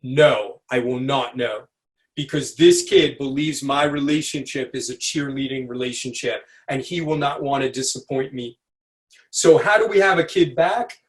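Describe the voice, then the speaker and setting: A man giving an animated lecture over a video call, often checking in with "right?" and acting out quotes. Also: medium pitch, normal speed. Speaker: speaker at a community webinar.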